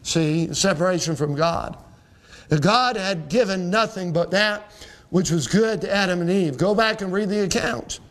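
A man's voice: high-pitched, unhurried, a bit bright. A man pastor preaching a sermon to his church, quoting scripture and building to emphatic peaks.

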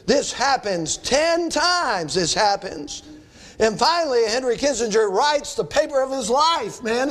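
This preacher addresses students in a church or school hall with a live crowd present, speaking emphatically, circling back on phrases and quizzing his listeners. He has a high, very animated voice at a normal speed.

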